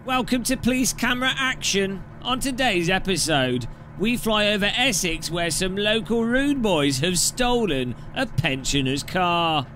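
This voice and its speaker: A man voicing a solemn male TV police-documentary narrator, slow and announcer-like. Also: high-pitched, lively intonation, pushed and bright, slight background noise, voice pushed up, full character voice. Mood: mock-dramatic.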